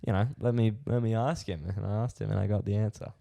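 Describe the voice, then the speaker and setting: A man's voice: lowish voice, quick pace, gravelly. A young Australian man co-hosting a podcast, telling a rambling story in casual chat, full of fillers. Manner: rambling, filler-heavy, animated retelling. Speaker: podcast co-host.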